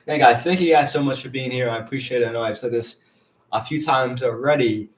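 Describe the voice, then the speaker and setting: A man hosting a casual live stream, talking earnestly and haltingly, repeating himself and getting teary. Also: medium pitch, reverberant, distant mic. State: teary, emotional.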